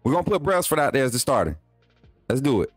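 A man's voice: mid-range voice, big pitch swings, quick pace, slightly rough, dry recording, faint music behind. A man, hosting a live sports stream in a chatty way, repeating himself and talking straight to his viewers. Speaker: sports channel host.

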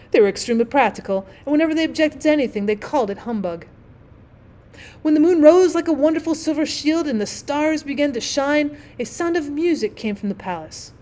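A woman teacher reading a classic story aloud in an expressive storytelling manner. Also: a little high.

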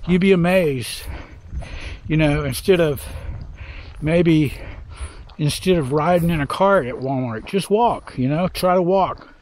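A man's voice: on the high side, measured pace, darkish tone. An older man vlogging outdoors on a hiking trail, talking in a heartfelt, rambling way and trying to hold back tears. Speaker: hiker vlogger. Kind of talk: reflective trail vlog.

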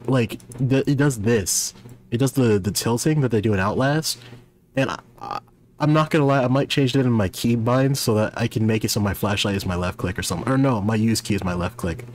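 A man's voice: lowish voice, slight background noise. A man casually commenting while playing a horror game, chatty and self-deprecating with rambling asides, into a desk microphone. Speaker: gaming youtuber. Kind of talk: casual let's-play commentary. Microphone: desk microphone at a gaming setup.

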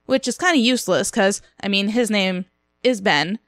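A woman's voice: medium pitch, moderate pace, fairly bright tone, dry recording, studio quality. A woman co-hosting a casual film review podcast, sarcastic and incredulous as she picks things apart. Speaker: podcast co-host.

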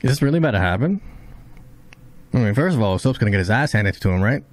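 Talking fast, a man comments casually and excitably on an anime episode as he watches. Swearing comes freely, and his pitch jumps high when he's shocked.

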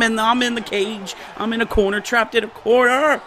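A man giving excited live gameplay commentary as a YouTuber, full of loud yelps, shouts and trash talk. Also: very high voice, a little fast, a little hiss or hum. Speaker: gaming YouTuber.

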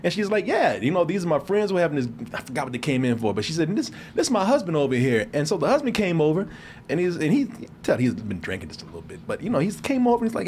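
A man's voice: a little high, fast, slight background noise. A man from Texas, a show host, telling a story in casual chat and acting out the people in it. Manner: animated, acts out the people in his story.

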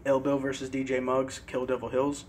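A young man casually showing his CD collection in a vlog, relaxed and a bit hesitant, pausing over tricky words. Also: medium pitch, slight background noise. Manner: relaxed, hesitant with fillers and careful pronunciation. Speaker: vlogger. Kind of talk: casual CD collection show-and-tell.

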